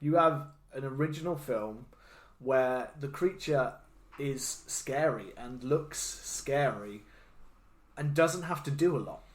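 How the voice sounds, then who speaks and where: A man's voice: medium pitch, slow, roomy sound. A man co-hosting a podcast, talking through a film review in a rambling, self-interrupting way with frequent laughs. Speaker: podcast co-host. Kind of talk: casual film review chat.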